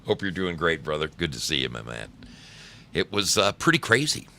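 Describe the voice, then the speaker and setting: Very deep-voiced, bright-toned man. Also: sing-song, normal speed, slight background noise. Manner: chatty, laid-back storytelling with swearing. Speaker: streamer greeting chat. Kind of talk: casual live-stream chat.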